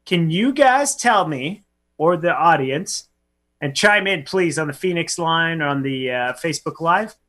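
A man co-hosting a casual radio show, quick and playful as he runs through a segment. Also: on the high side, animated, a bit bright. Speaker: radio co-host.

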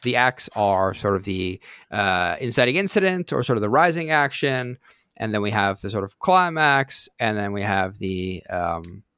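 A man's voice: lowish voice, sing-song, moderate pace, pushed and bright, clear, resonant tone, dry recording, clean studio sound. A man hosting a casual podcast chat, steering the talk with a wry tone. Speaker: podcast host.

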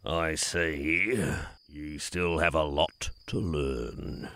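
A man reading a storybook, voicing a strict male dog teacher who talks gruffly and slangily. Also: extremely low pitch, very slow, sharp tone, no room sound, pitched below the performer's own voice, exaggerated voice. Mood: stern. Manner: gruff, slangy, calls others mate.

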